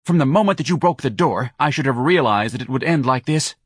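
A man reading an audiobook and voicing an effete, elegant man who speaks in a shrill, affected, huffy way. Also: expressive, fast, husky, no room sound, clean studio sound. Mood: affronted.

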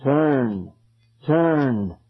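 A man's voice: sits high, huge pitch swings, takes it slowly, slightly rough, narrow, tinny audio, voice pushed up, full character voice. A man voicing a circle of eerie gray ghost children who murmur and chant.

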